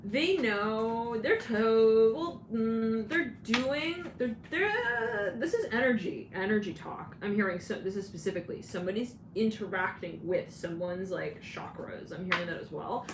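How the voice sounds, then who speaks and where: A woman's voice: a little high, animated, unhurried, hardly any pauses. A woman giving a channeled tarot reading who rambles and breaks into frequent giggles. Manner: giggly, rambling, laughs often. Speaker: tarot reader. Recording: roomy, distant mic with clear background noise.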